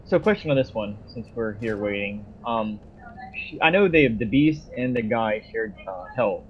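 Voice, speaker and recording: A man's voice: lowish voice, lively intonation, normal speed, highs cut off, slight background noise. A man in a game raid who chats casually and asks tactics questions, stumbling over his words. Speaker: raid member. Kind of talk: casual voice chat while gaming.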